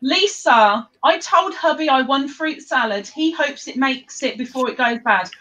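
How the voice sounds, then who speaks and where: A woman hosting a casual livestream, chatting and teasing her viewers in an animated way. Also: sits high, a little slow, rough recording. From England. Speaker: livestream host.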